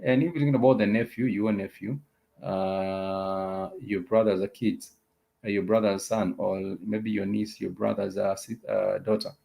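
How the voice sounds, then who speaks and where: Gravelly low-voiced man teaching a lesson. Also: fairly even intonation, mellow. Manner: repeats words and phrases slowly, many "uh" pauses. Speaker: language teacher. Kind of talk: casual spoken lesson.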